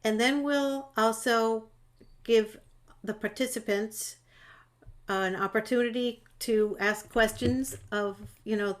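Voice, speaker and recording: A woman's voice: fairly high pitch, steady tone, slow. A woman moderating a panel discussion over a video call, chatty and friendly, with fillers and restarts.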